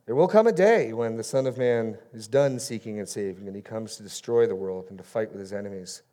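A man's voice: fairly low pitch, brisk, warm tone. A man preaching a sermon in church, reading scripture with rising emphasis on key phrases. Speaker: pastor.

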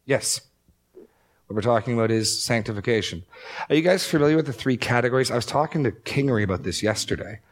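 A man teaching a Bible class in a conversational, emphatic way with quick asides. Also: mid-range voice, animated. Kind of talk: teaching talk.

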